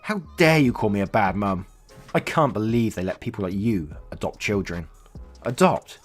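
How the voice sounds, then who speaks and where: A man's voice: fairly low pitch, expressive, normal speed, soft background music. A man voicing a young stepmother standing up to an angry stranger. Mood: indignant. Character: tiny, fierce young stepmother.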